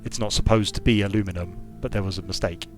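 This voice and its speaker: A man's voice: deep voice, fairly even intonation, quick pace, music in the background. A man giving casual commentary while playing a strategy game, thinking aloud with frequent restarts and repeated words. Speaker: streamer and game designer.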